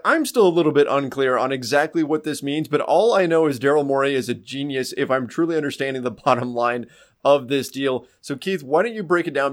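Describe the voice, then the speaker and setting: A male podcast co-host in casual chat who speaks in an easygoing way and hands questions to his partner. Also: medium pitch.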